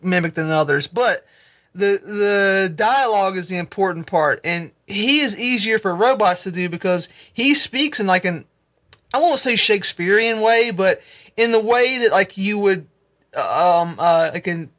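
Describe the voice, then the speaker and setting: A man in casual podcast chat, halting and stammering as he searches for words. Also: high-pitched, lively intonation, a bit bright.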